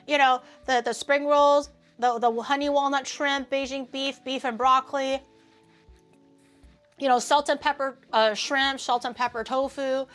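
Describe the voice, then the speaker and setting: A woman hosting a casual livestream, talking to chat in an animated, ranting way and swearing freely. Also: sits high. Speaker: livestream host.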